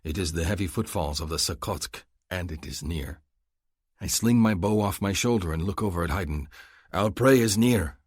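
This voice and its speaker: A man's voice: sits low, moderate pace, breathy edge, dry recording. A man narrating an audiobook in the first person, in an earnest, brooding way, close to a studio mic.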